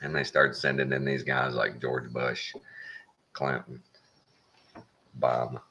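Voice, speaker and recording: A Texan man talking straight to the listener in a folksy, wry monologue. His voice sits extremely low and grinds with gravel. It still comes through with a bright, forceful edge. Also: flat delivery, slow pace, long pauses, a little hiss or hum. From Texas. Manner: folksy, plain-spoken, wry. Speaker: show host. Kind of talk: casual opinion monologue.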